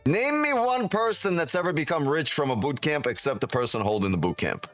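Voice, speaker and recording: A man's voice: a little high, very animated, a little fast, fairly bright tone, soft background music. A man, a trading streamer, chatting casually on a live stream, swearing a lot, joking and laughing often.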